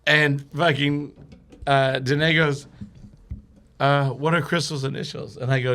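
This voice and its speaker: Gravelly, bright-voiced rowdy man. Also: on the high side, level tone, a little slow. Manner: rowdy, swears a lot, laughs often. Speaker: podcast guest. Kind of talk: casual storytelling.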